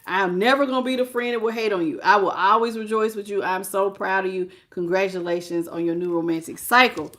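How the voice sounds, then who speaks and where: A middle-aged woman reading tarot on a live stream, animated and exclamatory, greeting her viewers by name. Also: mid-range voice, brisk, hardly any pauses. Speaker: tarot reader.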